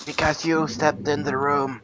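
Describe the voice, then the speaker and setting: A man's voice: a little high, flat delivery, measured pace, a bit bright. A young man joking and teasing his friend in a casual chat over a voice call, laughing often. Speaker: co-host chatting on a voice call. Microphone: computer mic on a voice call.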